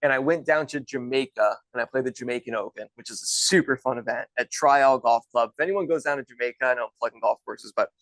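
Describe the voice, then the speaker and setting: Relaxed guest in his thirties, rambling anecdotes, mid-pitched, dry sound. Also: fast talker, hardly any pauses, dry recording, low-quality recording. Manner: chatty, loose, many restarts and "like". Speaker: guest, golf instructor and former pro golfer. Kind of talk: casual storytelling.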